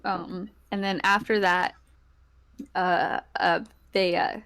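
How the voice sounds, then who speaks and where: A woman's voice: fairly low pitch, level tone, slow, fairly bright tone, smooth. A woman giving a rambling, casual recap of the last tabletop game session, full of fillers and acted-out lines from her friends.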